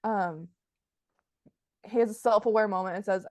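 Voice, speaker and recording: A chatty woman co-hosting a podcast from home, her voice sitting at an ordinary middle pitch. She laughs often and restarts her sentences, and the call audio is close and dry with no room sound. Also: fairly even intonation, normal speed, pauses often, a little mellow, no echo. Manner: chatty, giggly, lots of restarts. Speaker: podcast co-host. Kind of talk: casual chat reviewing a film. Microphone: video call.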